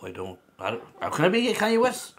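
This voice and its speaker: A man co-hosting a joke-reading game, talking casually and hesitantly and trailing off into quick remarks. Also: high-pitched, wildly swooping pitch. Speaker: co-host.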